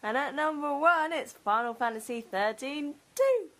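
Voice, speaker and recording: Woman co-hosting, crisp and light. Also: sits high, animated, moderate pace, a bit bright, poor audio. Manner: reads lists crisply, light laughs. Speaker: podcast co-host. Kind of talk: casual chat.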